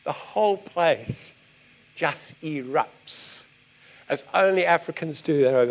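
A man preaching, telling a story in an animated, vivid way. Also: fairly high pitch, slow pace. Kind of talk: storytelling sermon.

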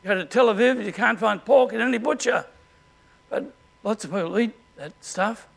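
An Australian man preaching a sermon as pastor, in a conversational way and often clearing his throat. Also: high-pitched, normal speed, fairly bright tone.

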